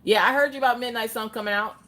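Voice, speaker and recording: A woman hosting a casual live craft stream, chatting in an animated way and answering viewers' comments. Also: fairly high pitch, fast talker.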